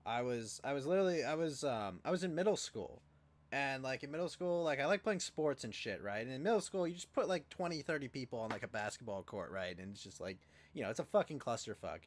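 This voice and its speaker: A man's voice: mid-range voice, fast. Rambling, profane man telling a story. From California. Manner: rambling, profane storytelling with lively acted quotes. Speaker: podcast co-host. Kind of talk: casual livestream chat.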